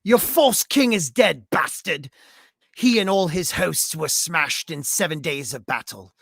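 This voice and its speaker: A man voicing a cruel young male lord, reading out a threatening letter slowly in a put-on accent. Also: a little high, lively intonation, creaky, fairly bright tone, dry recording, clean studio sound, exaggerated voice. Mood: menacing.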